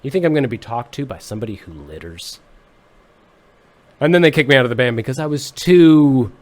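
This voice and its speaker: A man who is a musician, a guest on a comedic podcast, telling stories in a deadpan, mock-serious way. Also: medium pitch, fairly quick. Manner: deadpan joking, exaggerated mock-serious bits.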